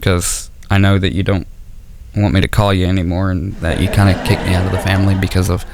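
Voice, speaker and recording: A man's voice: low-pitched, little pitch movement, quick pace, creaky, background noise. A man doing a stand-up set on stage, rambling and self-mocking with stammering restarts. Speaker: stand-up comedian. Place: comedy auditorium stage.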